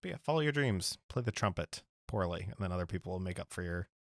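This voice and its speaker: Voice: sits low, animated, quick pace, no echo, studio quality. A podcast co-host in casual chat, teasing and jokey, reading out the show's plugs.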